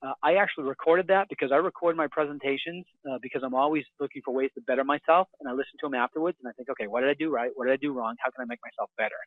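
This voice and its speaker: A man telling real estate deal stories as a guest on a phone interview, in an energetic sales-pitch manner from a hotel room. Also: very fast, hardly any pauses, no echo. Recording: tinny dry phone line.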